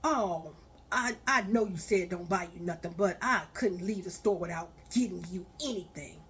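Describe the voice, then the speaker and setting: A woman's voice: on the low side, moderate pace, a bit bright, slight background noise, pitched below the performer's own voice, natural voice. A woman quoting a man who apologetically brings unwanted gifts, stammering and sheepish. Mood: apologetic.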